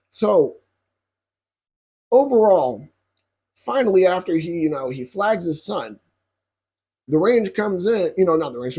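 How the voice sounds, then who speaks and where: A young man with a husky, slightly raised voice tells a range story straight to his viewers. He swears freely, gets animated and keeps asking "you feel me?". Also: high voice. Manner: profane, animated, addresses viewers directly. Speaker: YouTuber telling a story. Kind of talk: casual storytelling to camera.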